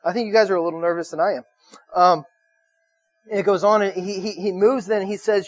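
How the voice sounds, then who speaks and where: High-voiced man preaching a casual sermon. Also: steady tone, brisk, pauses often, no room sound, dull audio. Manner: conversational, repetitive restarts, checking in with the audience. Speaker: pastor.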